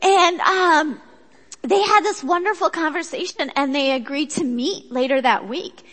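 High-voiced woman preaching in a hall. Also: unhurried. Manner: chatty and animated, acts out quotes. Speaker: speaker at a church gathering. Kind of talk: sermon with personal story. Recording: echoey hall.

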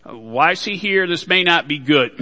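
High-voiced, bright male pastor, hall reverb. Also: expressive, unhurried. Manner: folksy, joking asides to the congregation. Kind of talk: sermon.

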